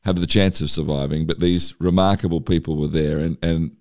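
Deep-voiced male interviewer. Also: steady tone, a little fast, darkish tone. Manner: stammering restarts, reflective, probing. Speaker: interviewer host. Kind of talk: interview questions.

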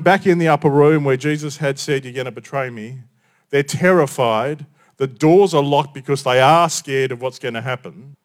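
Male pastor, casual storytelling sermon, voice a touch high, goes soft to make a point. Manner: conversational storytelling, stammers on restarts, drops quiet for emphasis. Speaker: preacher.

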